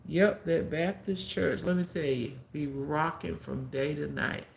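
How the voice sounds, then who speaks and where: On her stream, a woman in a low, creaky voice unhurriedly recounts a story, playing out each quote with energy before offering heartfelt advice. Faint ambience, a roomy echo and a little hiss or hum come through.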